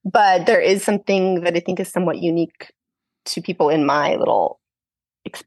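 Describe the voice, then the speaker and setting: Guest voice: slightly low, husky millennial woman, frank and reflective, dry close recording. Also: normal speed, a little mellow, no echo. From Los Angeles. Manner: thoughtful, frank, laughs often. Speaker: yoga teacher and podcast guest. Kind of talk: reflective conversational interview.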